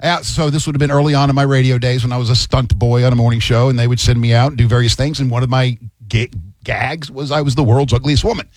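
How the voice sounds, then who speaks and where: A man's voice: medium pitch, fast talker, no room sound. A middle-aged man, a radio host, telling stories in casual banter and acting out the voices in them. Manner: animated storyteller, acts out voices.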